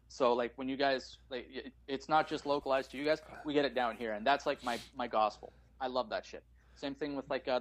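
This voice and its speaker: A man's voice: medium pitch, a bit bright. A man from Calgary, Canada, telling rambling, profane stories as a guest in a casual podcast chat.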